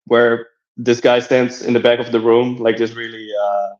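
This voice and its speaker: A man's voice: mid-range voice, level tone. Earnest guy on a live audio space, reassuring, lots of uhs, slightly muffled sound. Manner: earnest, reassuring, halting with many fillers.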